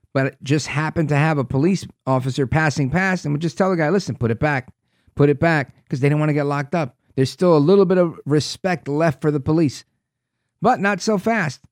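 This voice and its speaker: A man's voice: on the high side, dry recording, clean studio sound. A man hosting a talk radio show, reading news aloud with sarcastic asides.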